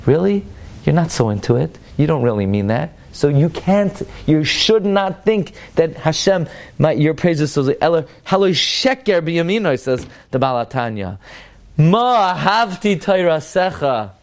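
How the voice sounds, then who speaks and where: A man teaching a Torah class as a rabbi, weaving Hebrew and Aramaic quotations into his English explanation, asking rhetorical questions and jumping sharply in pitch to stress his points. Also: moderate pace. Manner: animated, with sudden jumps in pitch for emphasis. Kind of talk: Torah study lesson.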